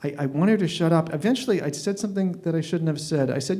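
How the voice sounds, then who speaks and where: A man's voice: a little high, quick pace, hardly any pauses. Wry, stammering man telling a story. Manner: wry, deadpan, with frequent stammered restarts. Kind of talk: live storytelling at an open mic. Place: stage at an open mic night.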